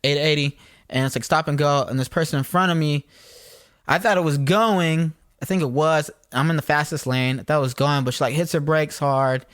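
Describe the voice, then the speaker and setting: A man's voice: fairly high pitch, a little fast, no echo, clean studio sound. A young man, co-hosting a podcast and telling casual stories with lots of swearing. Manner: swearing, animated storyteller. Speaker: podcast co-host. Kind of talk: casual storytelling chat.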